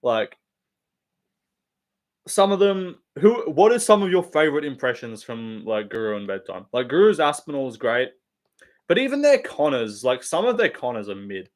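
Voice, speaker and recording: A man's voice: mid-range voice, sing-song, moderate pace. Blunt, sweary Australian man. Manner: rambling, heavy swearing, blunt opinions. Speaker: live stream host. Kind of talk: casual live stream chat.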